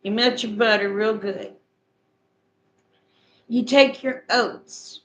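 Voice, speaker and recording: A middle-aged woman with a fairly high voice talks her viewers through a recipe step by step. She speaks in a homespun, chatty way and often repeats herself. A faint noise sits behind her voice. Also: steady tone, slow pace, fairly bright tone, rough recording. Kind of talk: casual chat, recipe instructions.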